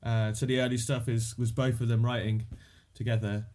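A man's voice: medium pitch, level tone, normal speed, darkish tone. A man from Birmingham with a Brummie accent, chatting casually and laughing often, self-deprecating. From Birmingham, England. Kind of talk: casual chat.

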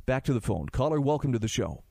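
A male talk radio host, speaking in a mellow, darker tone at a middling pitch. The sound is dry and close, with little room around it. He talks conversationally, reads passages aloud and breaks in with his own asides. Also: very animated, fast, creaky, no room sound. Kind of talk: talk radio monologue and ad read.

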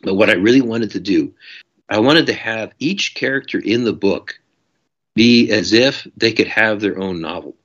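Low-voiced man in dull lo-fi audio. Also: normal speed, fairly bright tone. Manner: passionate, discursive. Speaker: author guest. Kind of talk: casual interview chat.

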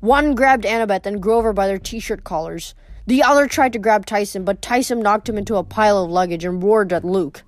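A woman reading a novel aloud in steady narration, with occasional small slips. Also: mid-range voice, fairly quick, no room sound. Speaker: reader.

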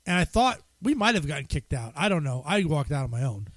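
A man with a fairly high voice co-hosts a casual podcast, teasing his partner and laughing through his stories. The recording is dry and close. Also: very animated, fairly quick, no room sound. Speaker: podcast co-host. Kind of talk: casual chat.

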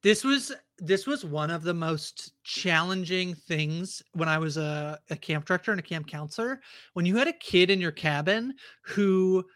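High, bright-voiced man recapping casually. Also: lively intonation, moderate pace, no echo, clean studio sound. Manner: rambling, lots of "like" fillers and restarts. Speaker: podcast co-host.

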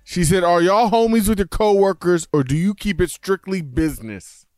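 A man's voice: sits high, normal speed, a little mellow, dry recording, studio quality. A man co-hosting a podcast in casual chat, with a sing-song, hyped delivery. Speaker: podcast co-host.

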